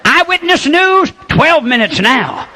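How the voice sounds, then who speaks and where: An older man preaching a sermon as a folksy storyteller, building to shouts. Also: extremely high pitch, big pitch swings, takes it slowly.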